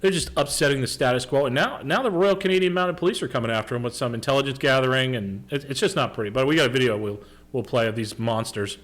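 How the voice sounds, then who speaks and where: A man co-hosting a podcast, chatting casually in a mocking, animated way. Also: mid-range voice, fast. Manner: mocking, animated, laughs often. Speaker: podcast co-host. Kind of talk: casual political chat.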